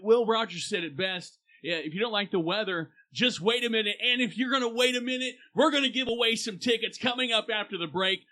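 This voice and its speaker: Man playing a late-night radio DJ, upbeat, punchy patter, bright tone, mock radio announcement. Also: sits high, voice pushed up.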